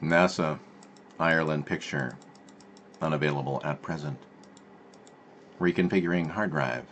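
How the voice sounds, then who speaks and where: A man's voice: rumbling low, unhurried, long pauses, a bit bright, a little hiss or hum. A man hosting a political live stream from home, rambling with sarcastic asides and answering chat.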